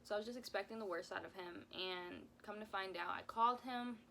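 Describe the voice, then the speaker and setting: A woman's voice: medium pitch, fairly quick, pushed and bright, a little hiss or hum. A young woman in her twenties telling a casual story time vlog, rambling and heartfelt, with lots of "like"s. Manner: rambling and heartfelt, full of "like"s, close to tears at times. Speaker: mom vlogger.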